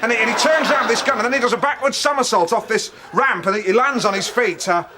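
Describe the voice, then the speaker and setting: A pompous, excitable film obsessive, ranting and acting out scenes in a high voice. The clip is buried in loud hiss with clicks, and the retelling keeps tipping into put-on voices. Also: male voice, fast. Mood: excited. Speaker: comedy character. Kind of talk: sitcom acting.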